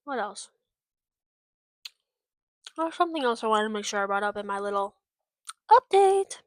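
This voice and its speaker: A woman's voice: medium pitch, animated, normal speed, fairly bright tone, no room sound. A young woman from the United States chatting casually in a vlog, rambling and frank, swearing often with lots of fillers. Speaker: vlogger. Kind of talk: casual chat.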